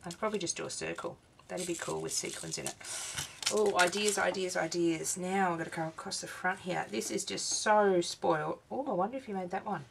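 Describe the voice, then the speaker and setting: A tired craft vlogger yawns as she chats through an unboxing, exclaiming over each little item. Her voice is fairly low, creaky, and fairly quick, with background noise in the recording.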